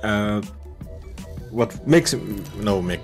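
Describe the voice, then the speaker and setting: Flustered low-voiced guy on voice chat. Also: animated, slow pace, faint music behind. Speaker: gaming friend on voice chat. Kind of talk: casual gaming banter.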